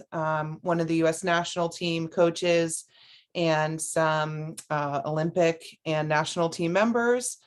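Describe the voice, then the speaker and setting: Woman coach introducing herself. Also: on the low side. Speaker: assistant swim coach. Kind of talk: video call panel talk. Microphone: video call.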